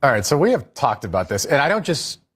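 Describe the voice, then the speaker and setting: A man's voice: mid-range voice, sing-song, fast, fairly bright tone, husky. A man giving exasperated opinion commentary as a news commentator. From Irish heritage. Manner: exasperated, scolding.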